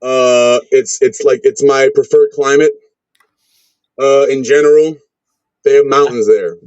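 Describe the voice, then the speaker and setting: A man's voice: medium pitch, fairly even intonation, a little slow, a little mellow, no room sound. A man in his thirties, a wrestler, rambling in a casual interview and swearing constantly. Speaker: wrestler, podcast guest. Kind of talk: casual profane interview chat. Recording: dull lo-fi sound.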